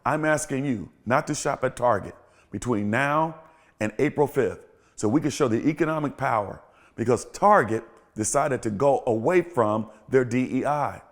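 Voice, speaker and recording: A man's voice: medium pitch, moderate pace. A middle-aged man, a pastor and podcast host, giving emphatic, sermon-like commentary and repeating phrases for rhythm. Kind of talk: preaching-style commentary.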